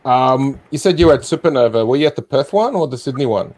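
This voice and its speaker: A man's voice: mid-range voice, expressive, fast, a little mellow. A man chatting casually as a guest artist, playful and laughing easily. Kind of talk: casual video chat.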